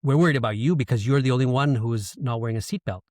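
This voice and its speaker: A Canadian man in his thirties, guesting on a podcast, candidly tells an emotional personal story in a casual interview, swearing now and then. His medium-pitched, slightly mellow voice moves fast, captured in a dry, clean studio recording.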